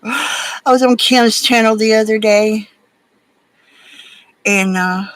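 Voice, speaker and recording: A woman with an Alabama accent hosts a relaxed beading livestream. She talks in a folksy, rambling way, telling stories and fussing at her beads as she works. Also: on the high side, slow pace, no echo, rough recording. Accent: Southern US (Alabama). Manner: folksy, rambling, chatty storyteller. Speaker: livestream host. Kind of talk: casual chat while beading.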